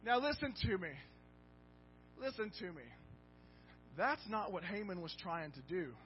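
High-voiced emphatic preacher man. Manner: emphatic, storytelling with call-and-response. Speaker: pastor. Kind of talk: sermon. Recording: dull lo-fi recording with faint music.

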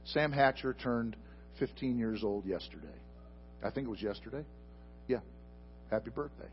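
A man preaching a sermon into a microphone before a congregation, asking them questions and swinging from loud emphatic bursts to soft, slow asides. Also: medium pitch, muffled recording, faint music behind. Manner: addresses the congregation directly with questions. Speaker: pastor. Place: church sanctuary before a congregation.

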